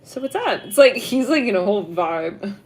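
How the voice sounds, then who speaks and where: A woman's voice: medium pitch, lively intonation, moderate pace, darkish tone. Giggly rambling young woman tarot reader. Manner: giggly, rambling, heavy use of "like". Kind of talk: casual tarot reading.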